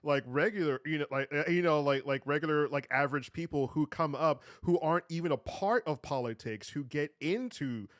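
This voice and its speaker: A man's voice: a little high, brisk, hardly any pauses, no room sound, clean studio sound. A man co-hosting a casual podcast discussion, heated and repeating words as he talks, often saying "bro.". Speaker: co-host.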